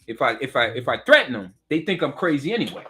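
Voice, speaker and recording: Man doing a smug strongman, boastful, scheming, lowered voice. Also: sing-song, quick pace, bright, forceful tone, soft background music. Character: boastful foreign male strongman plotting threats.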